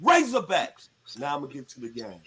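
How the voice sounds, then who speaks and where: A man's voice: medium pitch, normal speed, a little hiss or hum. A man in his sixties from the Southern United States, hosting sports talk radio in a laid-back, folksy way. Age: 60s.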